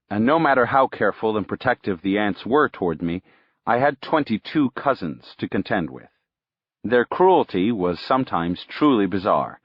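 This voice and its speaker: A man narrating an audiobook in the first person, in a steady storytelling way. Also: mid-range voice, dry recording. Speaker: audiobook reader. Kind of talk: scripted narration. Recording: dull, dry lo-fi recording.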